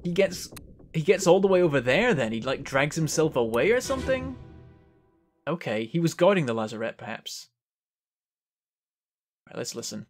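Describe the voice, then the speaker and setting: A man with a fairly high voice thinking aloud in casual gameplay commentary, musing over each clue as it comes. Soft music plays faintly behind him. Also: big pitch swings, moderate pace, pauses often. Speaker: game streamer.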